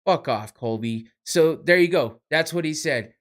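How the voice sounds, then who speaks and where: A man's voice: on the high side, unhurried, fairly bright tone. A man hosting a podcast, ranting in a heated, profane way. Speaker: podcast host. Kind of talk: casual podcast rant.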